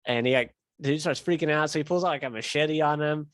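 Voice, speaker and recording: A man's voice: on the high side, fast talker, fairly bright tone, no echo. A young man hosting a casual podcast, telling a long story in a rambling, profane way full of fillers. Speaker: podcast host. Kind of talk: casual chat.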